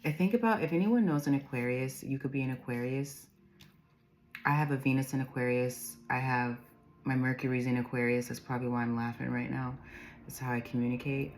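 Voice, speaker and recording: A woman's voice: very deep voice, fairly even intonation, brisk, darkish tone, slight background noise. A woman giving an intuitive tarot reading, rambling through the cards, reading their meanings aloud and laughing often. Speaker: tarot reader.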